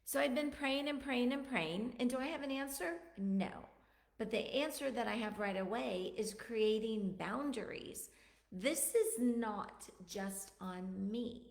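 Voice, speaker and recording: A woman's voice: a little high, unhurried, vocal fry, roomy sound. A woman talking earnestly and emotionally to her viewers about her own struggles, often repeating words for emphasis. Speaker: vlogger. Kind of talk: personal confessional talk to camera.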